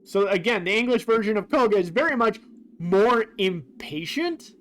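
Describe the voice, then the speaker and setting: A man's voice: high voice, animated, moderate pace, a bit bright, a little hiss or hum. A man streaming a game, explaining its translations in a casual, hesitant way, fumbling for words and poking fun at himself.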